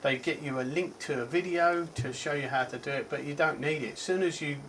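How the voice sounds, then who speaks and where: A man's voice: on the high side, a little fast, a bit bright, poor audio. Man, Cockney accent, casual tech review, rambling, chatty, ums and restarts, faint background hiss. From England. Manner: rambling, chatty, self-correcting, frequent ums.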